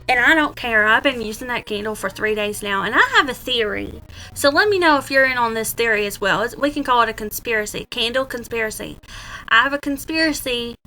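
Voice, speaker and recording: A woman's voice: a little high, sharp tone. A woman, a vlogger chatting casually and giggling as she narrates. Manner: chatty, giggly, self-mocking. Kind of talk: casual voice-over chat.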